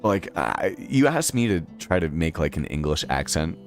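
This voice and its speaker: A man's voice: sits low, big pitch swings, normal speed, soft background music. A man from Boston with a Boston accent, chatting casually on a game live stream, rambling with lots of fillers and frequent laughs. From Boston, Massachusetts. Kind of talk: casual live-stream chat while playing.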